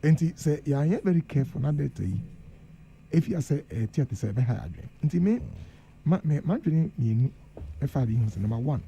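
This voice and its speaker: A man's voice: on the high side, very animated, a little fast, gravelly, mellow, husky. A Ghanaian man speaking as the guest professor on a radio panel, earnest and emphatic, switching between Twi and English. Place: radio studio.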